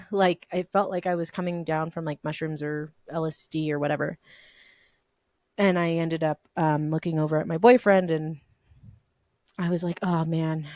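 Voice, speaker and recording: A woman's voice: on the low side, dry recording, clean studio sound. A young woman hosting a podcast, casually telling her dream stories and filling them with "like" and "um". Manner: chatty, lots of "like" and "um", laughs often. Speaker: podcast host. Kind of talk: casual solo storytelling.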